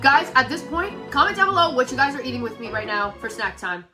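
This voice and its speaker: A woman in her twenties, a streamer, reading fan fiction aloud and breaking off to react in an animated, exclaiming way. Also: sits high, a little fast, music in the background. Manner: animated, exclaiming between passages.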